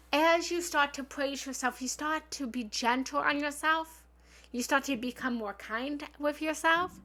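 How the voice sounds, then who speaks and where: This spiritual love coach has a voice that sits high and sounds fairly bright. Live-streaming from her home office and meditation room, she gives a frank, earnest pep talk, leans on repeated affirmations, and lets the occasional swear word slip.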